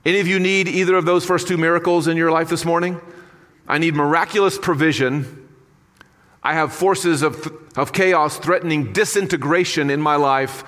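A man's voice: fairly high pitch, steady tone, normal speed, a bit bright. Man preaching in a reverberant hall. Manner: earnest, conversational preaching with asides. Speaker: pastor. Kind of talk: sermon.

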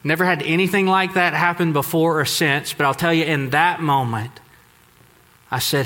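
A man from Texas preaching a sermon to a congregation, telling a story with emphatic turns and sudden soft drops. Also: a little high, fairly even intonation, normal speed. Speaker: pastor. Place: large church hall. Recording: echoey hall.

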